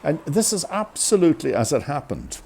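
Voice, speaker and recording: A man telling a funny personal story in an animated, self-mocking way. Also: a little high, a little fast, creaky, a little hiss or hum. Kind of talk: comic storytelling.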